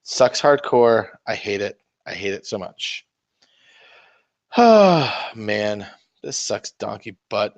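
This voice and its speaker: A man's voice: lowish voice, a little slow, gravelly. A man hosting a casual miniature-painting livestream, rambling and swearing in a self-mocking way as he talks to viewers. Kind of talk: casual live-stream chat while painting.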